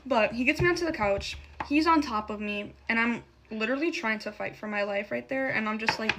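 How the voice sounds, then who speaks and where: A woman's voice: fairly high pitch, brisk, few pauses, fairly bright tone, slight background noise. A young adult woman telling a personal story in a casual, emotional way while doing her makeup, swearing a lot and filling with "like". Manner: emotional, heavy swearing and filler "like".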